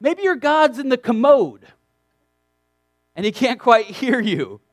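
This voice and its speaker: Lively high-voiced male preacher. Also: takes it slowly, dry recording. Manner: animated, emphatic preaching with asides and restarts. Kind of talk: sermon to a youth group.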